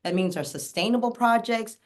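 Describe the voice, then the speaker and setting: Her voice sits a little high and moves fairly quickly. The documentary filmmaker, interviewed as a guest, talks with casual enthusiasm, using lots of fillers and letting her thoughts run on.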